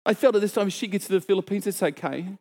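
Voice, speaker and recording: Man, higher-pitched voice, sermon storytelling, acts out the dialogue. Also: rapid-fire. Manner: animated, acts out dialogue with sudden high exclamations. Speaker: preacher.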